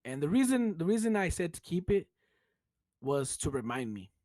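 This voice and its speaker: Hosting his own podcast, a young man from the United States with a Chicano English accent tells a profane story casually, laughing often. His fairly high-pitched voice has a dark tone and is very animated at a moderate pace, with no echo.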